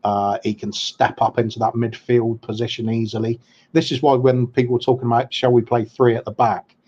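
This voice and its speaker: A man talks football as a podcast co-host in an easy, unhurried way, often pausing on ums and starting over. His voice sits in an ordinary middle register. The audio is a little dull and lo-fi. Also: medium pitch, flat delivery, warm tone. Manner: hesitant, lots of ums and restarts. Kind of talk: casual football chat.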